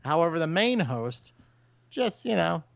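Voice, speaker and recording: A man's voice: on the high side, big pitch swings, a little slow, creaky, dry recording. A man joining a casual podcast chat, throwing dry joking jabs at the host.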